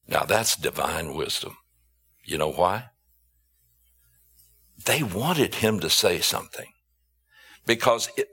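A man preaching a sermon, emphatic, with rhetorical questions and drawn-out stressed words. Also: on the low side, sharp tone.

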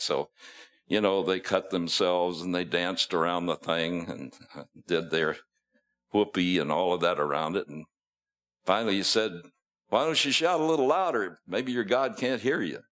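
Male preacher, low and unhurried, casual storyteller who chuckles at his asides. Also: a bit bright. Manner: folksy storytelling, acting out quotes. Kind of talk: sermon.

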